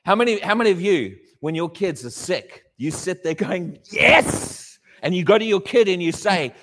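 A man preaching a sermon to a congregation, animated and questioning his listeners, often acting out little dialogues. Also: high voice, fairly quick, in a large hall.

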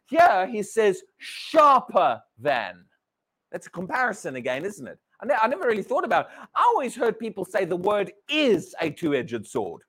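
A British man preaches to his congregation in a church hall. His voice sits high and rises and falls a lot as he stresses each point. He repeats key words and keeps asking the room questions. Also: wildly swooping pitch, moderate pace, a bit bright, slightly rough. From Britain. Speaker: pastor. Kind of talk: sermon.

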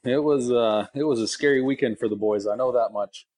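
A man's voice: medium pitch, a little fast, darkish tone. A man co-hosting a casual podcast by phone from a car parked in his garage, rambling through self-deprecating stories and laughing often. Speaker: co-host.

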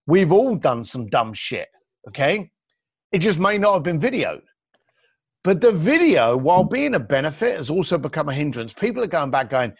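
A man's voice: fairly high pitch, moderate pace, slightly rough, no room sound, clean studio sound. A man, a podcast guest, talking bluntly and acting out other people's lines. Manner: blunt, animated storyteller who acts out quotes. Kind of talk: podcast interview.

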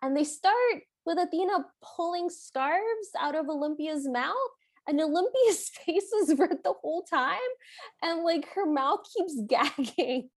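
A woman's voice: very high voice, animated, measured pace. A woman co-hosting a podcast, recapping a movie in casual chat and playfully acting out quotes. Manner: playful, acts out quotes with laughs. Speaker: podcast co-host.

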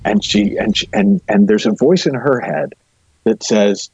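A man's voice: on the low side, lively intonation, unhurried, darkish tone, husky. A middle-aged man, a guest and coach, thoughtfully explaining ideas with vivid images in a reflective conversation, recorded with dull, lo-fi sound.

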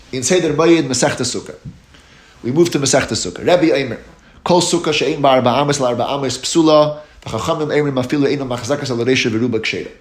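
A man giving a Talmud lecture, explaining each step in a steady teaching cadence and lifting his voice on key terms. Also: medium pitch. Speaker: Torah teacher. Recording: echoey room.

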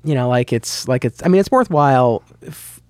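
A man's voice: medium pitch, animated, no room sound. A man hosting a podcast who asks questions in a casual way, thinking aloud with many "I mean"s and "you know"s. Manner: fast talker, many fillers, thinks aloud. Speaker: podcast host. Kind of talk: casual interview conversation.

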